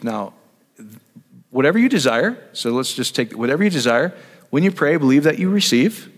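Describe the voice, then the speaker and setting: A man's voice: medium pitch, lively intonation, normal speed. A man giving a casual teaching sermon, talking conversationally and asking his audience questions. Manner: conversational, asks the audience questions, trails off and restarts. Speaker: preacher. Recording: long reverb of a hall.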